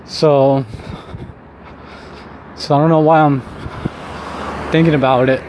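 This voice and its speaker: A man's voice: fairly high pitch, fairly even intonation, takes it slowly, a little mellow. Rambling young man walking a city street. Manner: rambling, self-mocking, swears often, laughs at himself. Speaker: vlogger. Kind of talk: casual talk while walking outdoors. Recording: faint street noise outdoors.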